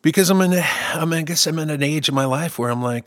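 A man's voice: on the high side, quick pace, few pauses. Rambling, joking middle-aged man host. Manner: loose, comic, with playful put-on voices. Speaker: podcast host and songwriter. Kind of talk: casual rambling monologue.

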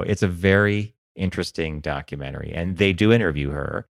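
Co-host, man, very deep voice, easygoing storyteller, dry sound. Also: fairly quick, gravelly, hardly any pauses, dry recording. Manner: relaxed storytelling, laughs often. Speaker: podcast co-host. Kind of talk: casual chat.

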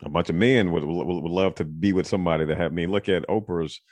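Brief: male podcast host, very deep voice, loose and digressive, dry close recording. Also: fast talker, no echo. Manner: rambling, digressive, thinks out loud. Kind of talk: casual podcast chat.

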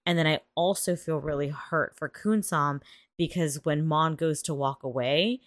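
Low-voiced woman, emphatic and laughing. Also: a little slow, no room sound, clean studio sound. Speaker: podcast co-host. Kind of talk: casual chat recapping a TV series.

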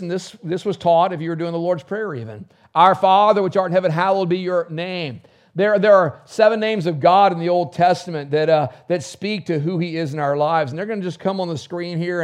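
A middle-aged man preaching a sermon, with fervent bursts that drop into soft, low prayer. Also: brisk. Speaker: pastor.

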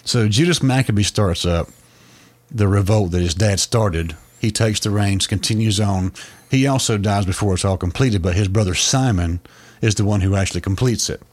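A man's voice: fairly low pitch, moderate pace, darkish tone. A man co-hosting a podcast, explaining a long story in a casual way, with frequent restarts. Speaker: podcast co-host.

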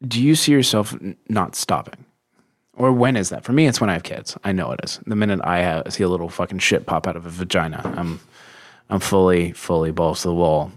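A man's voice: deep voice, brisk. A man hosting a podcast, asking rambling, chatty questions and swearing freely. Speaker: podcast host. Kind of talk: casual interview chat.

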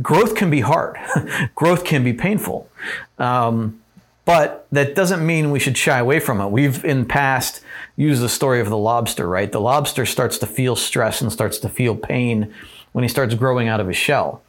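A man giving an informal lesson while writing on a board, talking in a casual, rambling way with many fillers and tag questions. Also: medium pitch. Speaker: teacher. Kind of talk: informal talk on growth and pain, writing on a board.

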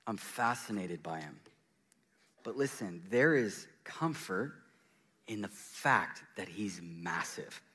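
A pastor preaching a sermon in a church, swinging between excited bursts and hushed, intimate stretches. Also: male voice, low-pitched, takes it slowly, breathy edge.

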